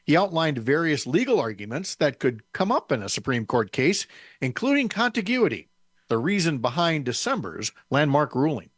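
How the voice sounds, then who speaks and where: A man hosting an interview, reading a scripted introduction and then asking questions in a measured, slightly halting way. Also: fairly high pitch, very animated, no echo, studio quality. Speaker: radio show host.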